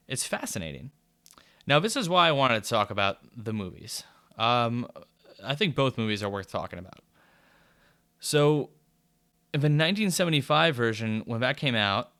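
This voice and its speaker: A man talks through a book review in a loose, rambling way, swearing casually and slipping into sarcasm. His voice is smooth and clear, and the sound is dry and close. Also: medium pitch, sharp tone, dry recording.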